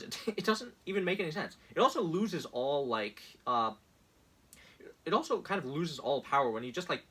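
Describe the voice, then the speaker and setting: A man's voice: on the high side, sharp tone, breathy edge. A young man ranting sarcastically in casual commentary, exasperated and laughing often.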